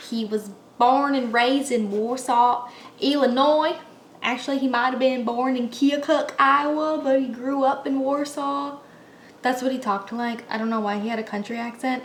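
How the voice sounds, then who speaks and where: Rambling young woman vlogging while baking. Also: high-pitched. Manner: rambling, laughs often. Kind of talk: casual chat while baking. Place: kitchen in her apartment. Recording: echoey room, faint noise.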